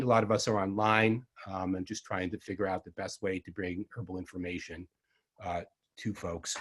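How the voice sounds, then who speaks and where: An older man with a Long Island New York accent teaches an online class on herbal medicine. He talks in a loose, rambling way, full of ums and restarts, and his asides come out dry and sarcastic. His voice sits in an ordinary middle pitch. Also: breathy edge. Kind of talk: online lecture.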